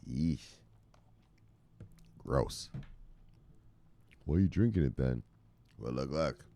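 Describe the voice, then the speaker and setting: A man presenting crypto news in an excitable, casual, profane way, talking to viewers like brothers. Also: rumbling low, takes it slowly, vocal fry.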